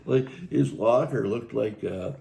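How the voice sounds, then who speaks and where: A man's voice: medium pitch, measured pace, gravelly, dark tone, slight background noise. A man, co-hosting a podcast and telling firehouse stories in a rambling, chuckling way. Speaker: podcast co-host, firefighter telling station stories. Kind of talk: casual storytelling chat.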